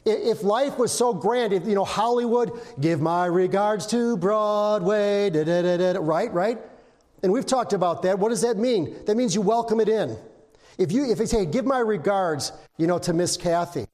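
Older preacher, high voice in a big hall. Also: male voice, darkish tone. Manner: conversational, asks the congregation questions, hums and sings snippets. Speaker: pastor. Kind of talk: informal sermon.

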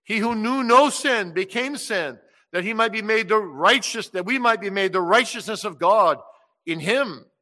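A man preaching a sermon with passion, rising loud when he voices Jesus and dropping soft and low when he pleads. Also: normal speed. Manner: impassioned, swells loud on quoted words of Jesus and drops soft on pleading. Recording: long reverb of a large hall.

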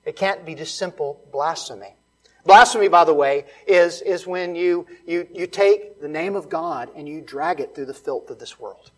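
A man preaching a sermon, building to loud, emphatic repeated lines and dropping to soft, hushed ones. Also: fairly high pitch, normal speed, hardly any pauses, poor audio. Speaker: pastor.

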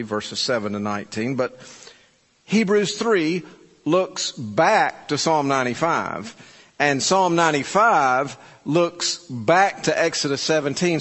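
A man preaching a sermon as pastor, with measured delivery and rhetorical questions to his congregation. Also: a little high, a bit bright. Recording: long reverb from a large hall.

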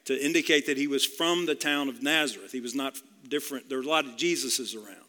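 A man's voice: mid-range voice, fast talker, sharp tone, in a large hall. A man preaching a sermon in an earnest way, repeating key phrases and appealing directly to his listeners. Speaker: pastor.

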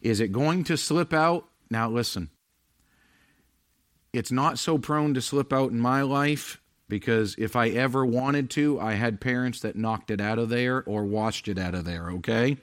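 A middle-aged man preaching a sermon as pastor, earnest and confessional, rising loud then dropping quiet. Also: mid-range voice, a little slow, dry recording, clean studio sound.

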